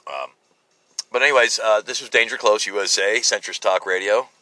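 A middle-aged man with an American accent rambles bluntly into a phone while sitting in a parked car. His voice sits fairly low but rings bright and forceful. He stumbles, restarts and pads his talk with fillers. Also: normal speed, no echo. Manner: blunt, self-deprecating, many fillers and restarts. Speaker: podcast host. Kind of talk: casual rambling monologue.

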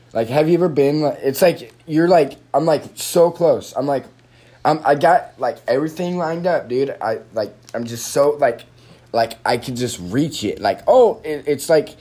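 A young man talks into his phone's microphone, swearing nonstop in a loose, rambling rant. His pitch swings up and down a lot as he vents his frustration, and his sentences keep breaking off and starting again. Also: a little mellow. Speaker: podcaster. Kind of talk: frustrated solo podcast rant.

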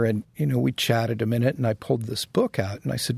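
A man with a gravelly, slightly husky voice tells his stories in an easy, reflective way and chuckles along the way. He is recorded dry and close, with no room sound. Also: medium pitch, brisk, hardly any pauses, darkish tone, no room sound. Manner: reflective, chuckles while telling anecdotes. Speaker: guest designer. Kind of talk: casual interview conversation.

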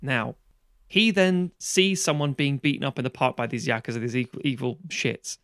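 A man chatting casually on a podcast, retelling a film plot in a lively, sweary way and acting out the characters' lines. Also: medium pitch, moderate pace, no room sound, clean studio sound.

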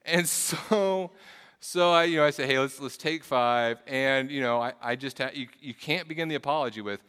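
Male pastor, earnest storyteller who restarts and repeats himself. Crisp bright tone, long hall reverb. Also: a little high, normal speed. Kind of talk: sermon.

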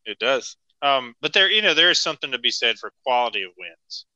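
A man's voice: mid-range voice, very animated, brisk, pushed and bright, no echo, muffled recording. A man co-hosting a wrestling podcast, chatting casually, laughing often and recapping matches move by move. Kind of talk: casual chat.

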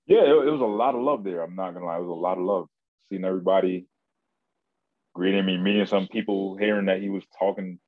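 A man with a very low voice talks haltingly in a casual chat, circling back over the same words. His sound comes through a narrow, tinny line, like a phone. The recording is dry with no room around it. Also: no echo. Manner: slow, halting, repeats himself.

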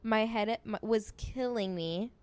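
A woman's voice: fairly high pitch, a little slow, darkish tone, clean tone, no echo. A young woman co-hosting a casual chat, bluntly chiming in with short remarks and cursing. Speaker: co-host.

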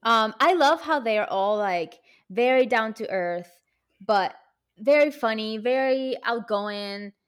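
A woman's voice: fairly high pitch, lively intonation, takes it slowly, clear, resonant tone. A woman co-hosting a podcast in casual chat, rambling and restarting her sentences with many fillers. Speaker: podcast co-host.

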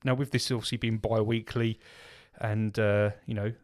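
A man's voice: fairly low pitch, level tone, normal speed, darkish tone. A man co-hosting a podcast in casual chat, rambling with lots of filler words and restarts. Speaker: podcast co-host.

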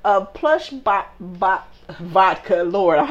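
Animated woman, higher voice, casual host. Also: normal speed, muffled recording. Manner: animated, laughing, emphatic storytelling. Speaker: podcast host. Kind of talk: casual chat.

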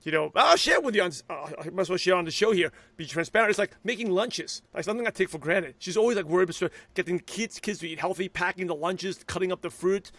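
A man in his thirties hosting an interview, eager and reflective, quick to agree. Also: high voice, fairly bright tone, dry recording. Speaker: podcast host. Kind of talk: casual interview talk.

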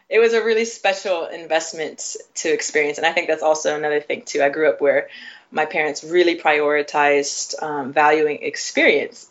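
An American woman being interviewed on a podcast, answering in a reflective, searching way full of fillers and restarts. Her voice comes through a dull, lo-fi remote line. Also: low voice. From Nashville, Tennessee, US. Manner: thoughtful, frequent fillers and restarts. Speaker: guest, educator.

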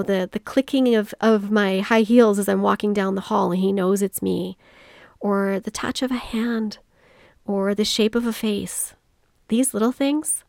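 Earnest woman with a gravelly edge. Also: medium pitch, darkish tone, no room sound, clean studio sound. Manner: earnest, reflective storytelling. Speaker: podcast host. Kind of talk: solo motivational podcast talk.

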